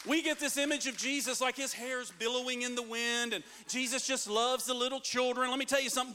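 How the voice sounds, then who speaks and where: A man's voice: extremely high pitch, steady tone, fairly quick, hardly any pauses, bright, forceful tone. A man preaching a sermon as a pastor, reading scripture and building in intensity with call-and-response.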